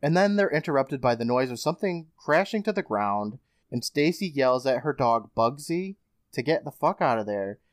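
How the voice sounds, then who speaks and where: Male podcast host, animated, loose and profane storyteller, dry booth sound. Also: medium pitch, normal speed, no room sound. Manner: laughing, swearing recap storyteller. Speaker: podcast host recapping an episode. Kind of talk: casual podcast chat.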